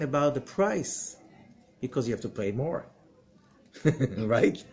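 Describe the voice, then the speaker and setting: A middle-aged man, a rabbi giving a spoken lesson, animated, with rhetorical questions and sudden swings between loud emphatic bursts and low quiet passages. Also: takes it slowly, long pauses. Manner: rhetorical questions and acted-out quotes. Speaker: rabbi and Zohar teacher.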